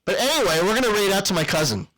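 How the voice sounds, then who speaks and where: A man co-hosting a podcast, with a voice pitched a little high. He rambles in a playful, jokey way, full of fillers and silly asides. He sounds like he is talking straight into a podcast mic. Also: lively intonation, very fast, a bit bright, rough recording. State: out of breath. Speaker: podcast co-host. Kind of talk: casual podcast chat and ad read.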